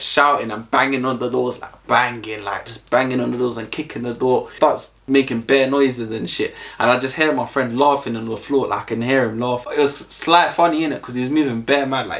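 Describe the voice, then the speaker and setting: A man's voice: mid-range voice, a bit bright. A young man with a London accent, telling a casual storytime vlog in a slangy, rambling way full of fillers. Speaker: vlogger.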